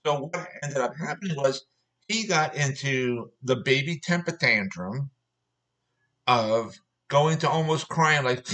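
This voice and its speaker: A man's voice: mid-range voice, unhurried, bright, forceful tone, rough recording. A man telling a personal story as an angry, profane rant, repeating himself.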